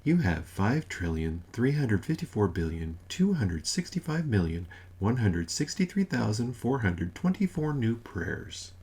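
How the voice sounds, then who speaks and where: Slow, flat recorded-message voice, done by a deep male narrator. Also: slightly rough, heavily acted. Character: automated answering machine voice.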